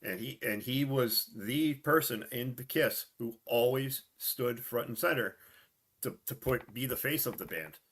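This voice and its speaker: A man's voice: mid-range voice, unhurried, fairly bright tone, husky. A man co-hosting a podcast in casual chat, blunt and joking, often restarting his sentences. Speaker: podcast co-host.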